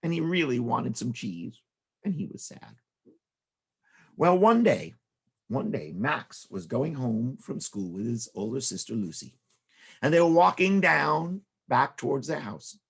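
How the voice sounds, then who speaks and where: A man telling silly stories to children, very expressive, with repetition and sound effects. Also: mid-range voice, measured pace, vocal fry, slightly rough. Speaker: children's storyteller. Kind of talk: animated storytelling for children.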